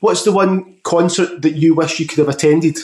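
A man hosting a rock talk show, asking questions and telling stories in a relaxed, jokey way. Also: on the high side, normal speed. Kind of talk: casual interview questions. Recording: roomy echo.

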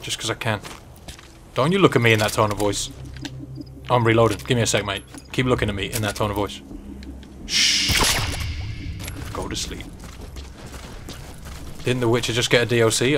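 A man's voice: medium pitch, quick pace, background noise. A man giving casual, joking live-stream commentary while he plays and chats to the game's characters. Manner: joking, chatty, talks to the game characters. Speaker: gaming streamer.

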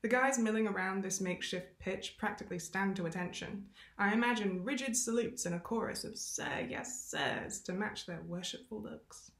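A woman's voice: medium pitch, brisk. Woman reading a novel aloud, expressively. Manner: expressive, with self-aware asides. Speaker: reader. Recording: roomy echo.

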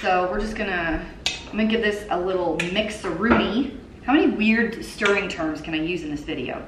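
A mother in her thirties, with a lowish voice at normal speed, cooks in her echoey home kitchen while chatting upbeatly to viewers. It's a casual cook-along vlog, and the recording is very noisy.

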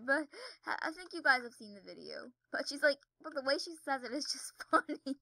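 A woman's voice: high-pitched, lively intonation, fairly quick, vocal fry, pushed and bright, no echo, low-quality recording. A young woman giving chatty, giggly commentary while playing a video game, yelping when she falls. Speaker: gaming video creator. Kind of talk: casual gameplay commentary. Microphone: desk mic with audible keyboard.

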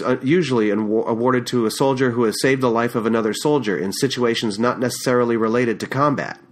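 A man narrating a novel in the first person, his voice sitting at an ordinary middle pitch. His reading is measured and even, with small stumbles now and then. It was recorded at home in a lightly treated room on a USB condenser mic. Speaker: audiobook narrator.

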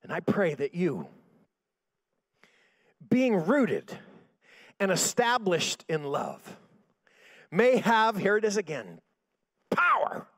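A pastor preaching a sermon, telling a story in a hushed voice and rising to shouted declarations. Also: male voice, high voice, huge pitch swings, slow, pauses often, slightly rough, no echo.

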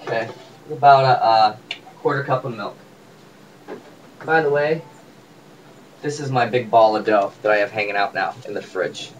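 A man's voice: fairly low pitch, normal speed, pauses often, dull audio. A man casually demonstrating a recipe in his home kitchen, chatty and joking with viewers. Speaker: home cook vlogger. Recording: distant mic with faint room noise.

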